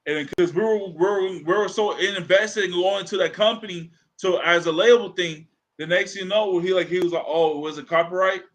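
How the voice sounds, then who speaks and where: A man's voice: high voice, fairly quick, hardly any pauses, poor audio. A man co-hosting a podcast in casual chat, telling stories animatedly, acting out quoted dialogue and swearing freely. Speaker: podcast co-host.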